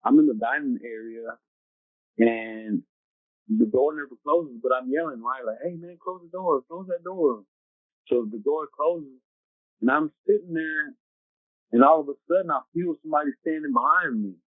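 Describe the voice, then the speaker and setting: Male interview guest, average pitch, casual streetwise storyteller, thin phone-quality dry audio. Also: normal speed, no echo. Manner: rambling, streetwise, tags lines with "right?" and "you know what I'm saying". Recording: tinny phone-like dry sound.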